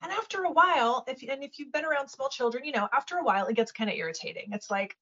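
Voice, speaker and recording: Speaking fast with barely a pause, this woman has a high, husky voice with a breathy edge. As a webinar guest she coaches the audience in a lively, casual way, doing little voices and repeatedly asking "right?" over dull, lo-fi audio.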